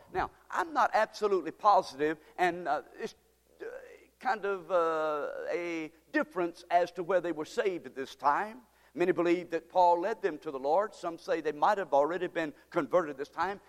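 A man's voice: on the high side, moderate pace. A man preaching a sermon, telling a story and building up to impassioned appeals. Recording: long hall reverb.

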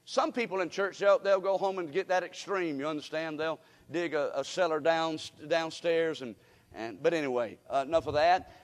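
An older man delivers a folksy, emphatic sermon with a notably high voice. He keeps calling on the congregation to repeat after him. The room rings with a long church-hall reverb. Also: lively intonation, normal speed, a bit bright. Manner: call-and-response, folksy and emphatic. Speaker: guest preacher.

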